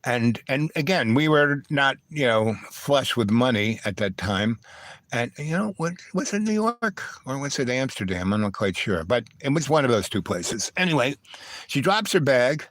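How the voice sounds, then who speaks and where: A man's voice: mid-range voice, very animated, normal speed, fairly bright tone, no room sound. A man hosting a live stream, telling a meandering personal story full of asides and digressions.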